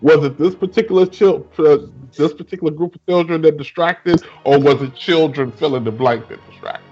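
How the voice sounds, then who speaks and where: A man's voice: on the high side, fairly quick, warm tone, dull audio, faint music behind. A man co-hosting a podcast in casual chat, wry and asking questions. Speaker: podcast co-host.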